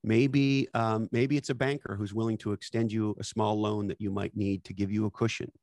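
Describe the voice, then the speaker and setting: A low-pitched man with a gravelly, creaky voice hosts a podcast conversation. He talks emphatically and bluntly, dropping casual profanity and catchphrases. The sound is dry and close. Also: level tone, normal speed, a little mellow, no echo. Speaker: podcast host.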